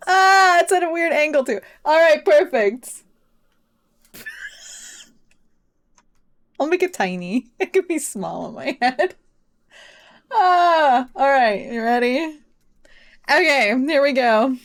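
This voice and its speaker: A woman streams a game, chatting casually and laughing at herself as she plays. Her high voice is expressive, and she speaks slowly with frequent pauses, in a chatty, self-deprecating way.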